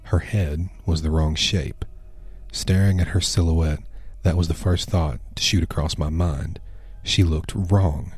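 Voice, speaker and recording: A man narrating a first-person horror story in a hushed, measured way. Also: extremely low pitch, fairly even intonation, slightly rough, no room sound.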